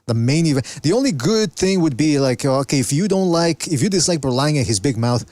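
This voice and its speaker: A man's voice: on the high side, expressive, a little fast, darkish tone, no echo. A man hosting a casual call-in boxing podcast, laid-back and hesitant, often searching for words. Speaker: podcast host. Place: Canada.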